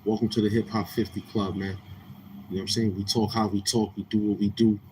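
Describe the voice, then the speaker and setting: A man's voice: fairly low pitch, flat delivery, a little fast, warm tone, slight background noise. A man from Queens with a New York accent, hosting a casual livestream and talking to viewers in a brash, profane, confrontational way. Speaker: livestream host.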